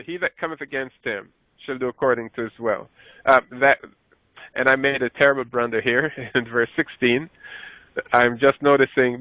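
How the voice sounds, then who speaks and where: A man's voice: fairly even intonation, moderate pace, no echo. Man teaching scripture over a thin phone-like line. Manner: rises in pitch when reading scripture aloud, self-correcting. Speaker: Bible teacher. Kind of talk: scripture lesson with slides. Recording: dry, phone-like narrow sound.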